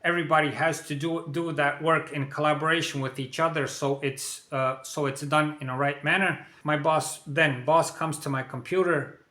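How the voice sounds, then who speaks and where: Bright-voiced man telling a story. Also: a little high, fairly even intonation, normal speed, hardly any pauses. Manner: plain conversational retelling, frequent "you know". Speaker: vlogger. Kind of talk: personal storytelling to camera. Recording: echoey room.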